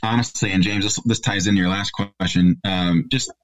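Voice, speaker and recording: A man's voice: low voice, fairly even intonation, normal speed, rough recording. A middle-aged man chatting as a guest on a video call from his home basement, full of fillers and restarts. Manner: rambling, many fillers and restarts. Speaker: guest, company regional director. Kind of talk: casual interview chat.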